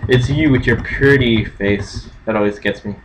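A man playing a game, commenting nervously to himself and haltingly reading on-screen text aloud. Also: mid-range voice, noisy background. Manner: jumpy, nervous self-talk. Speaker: game streamer. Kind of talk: let's-play commentary.

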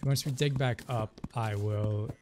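A man's voice: mid-range voice, fairly even intonation, measured pace. A man giving casual, rambling commentary as he plays a video game. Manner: chatty, rambling asides. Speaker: let's play host. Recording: game music behind the voice.

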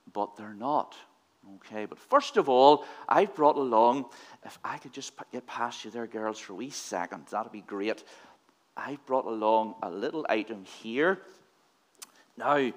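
A man giving a playful children's address in a church service, asking the children questions. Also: medium pitch. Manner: playful, quizzing kids with questions. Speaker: leader of a children's talk in church.

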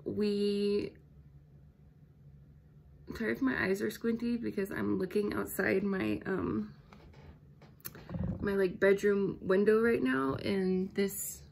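A woman's voice: mid-range voice, steady tone, slow, gravelly, pauses often, darkish tone. A young woman talks to her camera from her bedroom in a loose, rambling way, full of fillers. She sounds slightly out of breath. There is a faint hum of noise behind her. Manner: rambling, chatty, many fillers. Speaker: vlogger. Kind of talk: casual vlog talk to camera. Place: bedroom at home.

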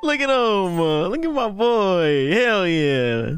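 A young man hosting a casual anime reaction, excitable and slangy, laughing often and breaking into delighted shouts. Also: sits high, takes it slowly, clear, resonant tone, soft background music.

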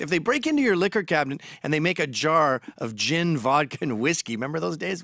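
Male host, brash gossipy storyteller, slightly raised pitch, dry close sound. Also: expressive, fast talker, vocal fry, few pauses, fairly bright tone, dry recording. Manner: gossipy, swaggering storyteller with blunt asides; turns urgent and emphatic when warning. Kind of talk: storytelling monologue.

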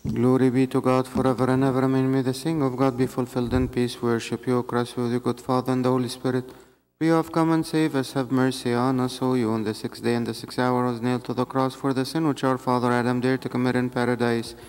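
A man, a priest, reading liturgical prayers in a measured, solemn way in a church. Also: medium pitch, flat delivery, darkish tone. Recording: reverberant church hall.

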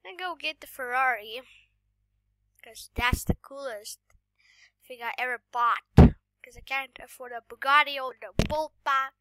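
Excitable sick woman playing a game. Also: sits high, measured pace, no room sound. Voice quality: voice sounds off today. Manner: excitable, often drops to a whisper. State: sick, coughing. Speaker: gaming YouTuber. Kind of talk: casual gameplay commentary.

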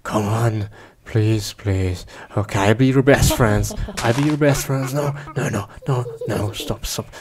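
A man's voice: on the low side, unhurried, background noise, close to an everyday voice. A man voicing a blustering wolf who huffs out threats, then stammers and begs. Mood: pleading. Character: blustering wolf, adult male, bullying then pleading.

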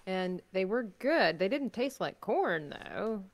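Woman streamer, mid-pitched, playful banter with muttered asides. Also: very animated, slow. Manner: playful, jokey, drifts into mumbled asides. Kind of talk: casual chat while gaming.

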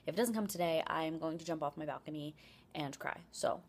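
A woman's voice: low-pitched, a little fast, background noise. A young woman, a college student, chatting casually to camera in her apartment, rambling with lots of "like" and self-mocking complaints. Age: young adult. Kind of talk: casual vlog chat. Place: apartment, indoors.

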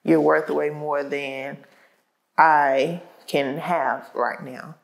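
Low gravelly-voiced woman chatting. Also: steady tone, drawn-out words, rough recording. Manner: conversational, thinks aloud with fillers. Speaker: podcast co-host. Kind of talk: casual conversation. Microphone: lapel mic.

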